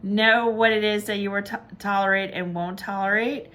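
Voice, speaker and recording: A woman reads tarot in a casual, chatty way, her voice bright and forward. She stays upbeat and encouraging throughout, talking at an easy middle pitch. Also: fairly even intonation, normal speed. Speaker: tarot reader.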